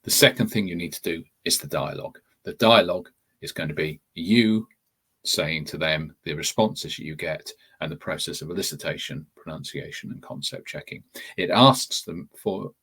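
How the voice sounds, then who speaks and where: A man's voice: a bass voice, a bit bright, slightly rough. A man teaching a course webinar in a conversational way, often restarting his phrases and addressing viewers directly. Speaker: TEFL course tutor. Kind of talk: webinar explanation.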